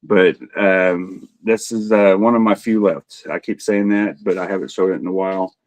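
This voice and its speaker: Guy hosting a live auction stream, lowish voice, jokey, laughs a lot, dry close sound. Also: steady tone, moderate pace, no echo, rough recording. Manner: joking, laughs often, self-teasing; talks buyers through bids by name. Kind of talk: casual livestream auction chat.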